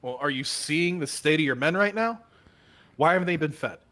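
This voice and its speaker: A man's voice: mid-range voice, lively intonation, measured pace, breathy edge. A man playing an indignant, barking inspector. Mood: scolding. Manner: barking, indignant, rhetorical questions. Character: stern male inspector scolding the guard captain. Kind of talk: tabletop role-play in character.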